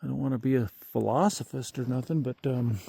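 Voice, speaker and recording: Folksy fifty-something guy rambling on, lots of ums, warm low-key voice, out in the country at night. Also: a little fast, gravelly, a little hiss or hum. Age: 50s. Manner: rambling, folksy, many fillers. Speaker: vlogger. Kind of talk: rambling outdoor vlog.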